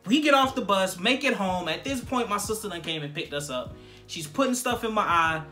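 Bright-toned casual storyteller, animated, voices the quotes, music faint under. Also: medium pitch, brisk. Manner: animated, acts out quotes, many fillers. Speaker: guest on a Q&A vlog.

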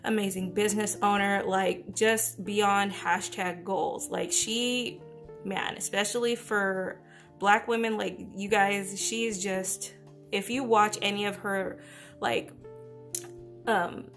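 A woman chatting casually as she unboxes and gushes over a new notebook. She often trails off mid-sentence, keeps her voice hushed at home and sometimes drops almost to a whisper. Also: mid-range voice, fairly even intonation, slow, faint music behind. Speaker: planner vlogger. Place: at home beside a napping baby.

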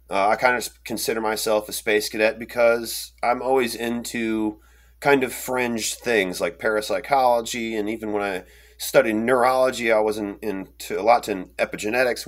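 A young man telling a personal story in a rambling, animated way, with lots of fillers and restarts, and acting out the quotes. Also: medium pitch. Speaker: storyteller recounting an encounter. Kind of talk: casual first-person storytelling.

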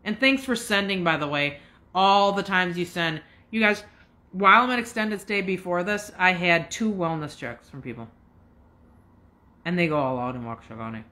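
A woman's voice: lowish voice, moderate pace, pushed and bright. A woman in her fifties telling a long, agitated story straight to her viewers, swearing and jumping between asides. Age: 50s. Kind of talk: casual rant to camera.

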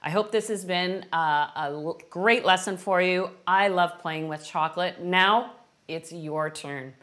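A middle-aged woman hosting a live-stream baking lesson, chatting warmly and answering viewers' questions as she works. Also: on the low side, a little slow. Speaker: baking instructor.

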